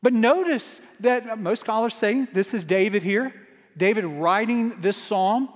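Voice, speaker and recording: A man with a high voice preaches an earnest sermon. He leans harder into his repeated refrains as he goes. His words ring out with a long hall reverb. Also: a little slow. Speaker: pastor.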